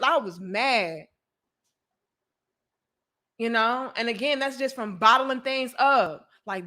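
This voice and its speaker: Young woman host, slightly high voice, casual and blunt, swears freely, lectures her viewers. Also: lively intonation, measured pace, pushed and bright. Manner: blunt, profane, preachy storytelling. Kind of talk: casual commentary vlog.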